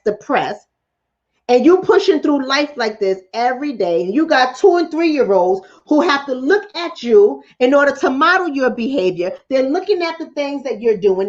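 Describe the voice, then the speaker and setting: Blunt high-voiced woman lecturing her chat. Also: lo-fi sound. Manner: blunt, preachy, repeats points for emphasis. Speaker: psychologist host of a live stream. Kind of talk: casual live-stream talk answering chat.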